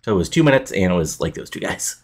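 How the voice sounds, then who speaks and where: A man casually narrating a wrestling booking game, rambling with plenty of filler words. His voice is low and he talks fast. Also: sing-song, breathy edge. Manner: rambling, many fillers like "you know".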